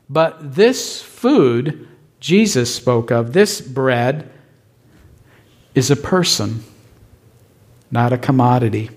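A male pastor preaching a sermon with emphatic repetition, often checking in with his listeners. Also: a little high. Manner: emphatic, asks the congregation "right?".

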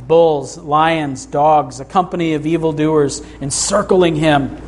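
A middle-aged pastor preaching a sermon to his congregation, his voice a touch higher than most men's. He speaks earnestly, slowing down for scripture and lifting his voice on the key points. A faint hum of room noise sits under him. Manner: earnest, rises in pitch for emphasis, reads scripture slowly. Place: church sanctuary.

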